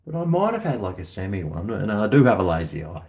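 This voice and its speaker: A man's voice: fairly low pitch, big pitch swings, fast, a little mellow. A middle-aged Australian man chatting casually and rambling on a livestream, reading out viewer comments. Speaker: livestream host.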